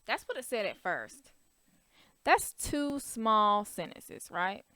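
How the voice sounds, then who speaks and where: A woman's voice: mid-range voice, big pitch swings, slow pace, bright, forceful tone. Patient woman teaching young kids. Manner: patient, simple explanations with repeated checks like "right?" and "okay?". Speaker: elementary school teacher. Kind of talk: recorded writing lesson for children.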